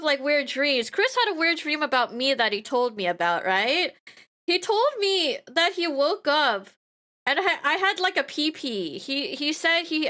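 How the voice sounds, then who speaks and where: A woman VTuber streamer in casual chat, telling rambling, animated stories with frequent laughter and repeated phrases. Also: a little high.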